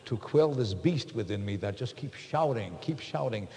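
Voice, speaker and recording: A man speaks earnestly to a gathered audience, reflecting on his own failings in a confessional tone. His voice is mellow and relaxed. The sound carries a long hall reverb. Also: mid-range voice, moderate pace, few pauses. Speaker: workshop speaker. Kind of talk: personal talk to a live group. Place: large room with an audience.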